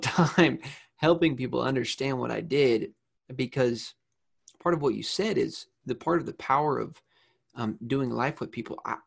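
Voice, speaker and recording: A man's voice: medium pitch, gravelly. A man in casual conversation, reflective and rambling, who laughs between words. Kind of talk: casual chat.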